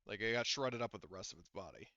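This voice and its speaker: Male game master, bright crisp voice, meandering narration, lo-fi voice-chat sound. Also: lowish voice, expressive, fast, dry recording. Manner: rambling, full of fillers and restarts.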